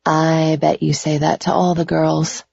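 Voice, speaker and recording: A woman voicing a passionate young heroine who speaks in a breathy, teasing way. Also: on the low side, slow, a little mellow, no echo, exaggerated voice. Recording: slightly dull lo-fi recording.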